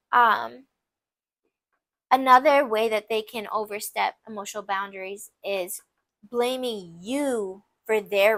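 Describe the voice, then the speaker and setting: A woman's voice: on the high side, a bit bright, no echo. A young woman hosting a casual advice podcast, candid and emphatic, full of "like" and playful asides. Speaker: podcast host.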